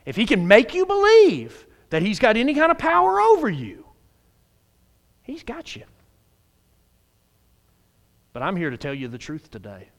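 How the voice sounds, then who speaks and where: Animated preacher man. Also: a little high. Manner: animated, swings from hushed to shouting; folksy, playful preaching. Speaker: pastor. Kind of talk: sermon.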